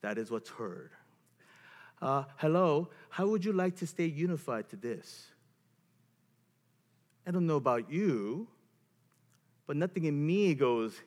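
A lively man gives an emphatic seminar talk to couples, his pitch rising and falling a lot. His voice sits a bit high for a man and carries a long reverb from a large hall. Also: takes it slowly, long pauses. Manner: animated, emphatic, acts out examples. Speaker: marriage speaker.

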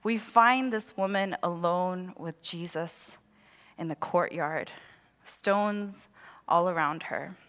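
A woman's voice: lowish voice, slow pace. Young woman preaching in a reverberant hall. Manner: animated storytelling, acts out voices. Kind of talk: sermon with personal story.

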